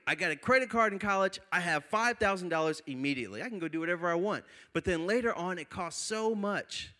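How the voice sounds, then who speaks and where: A young man delivers a sermon, starting out as an animated, laughing storyteller before easing into scripture reading. His voice sits somewhat high for a man. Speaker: pastor.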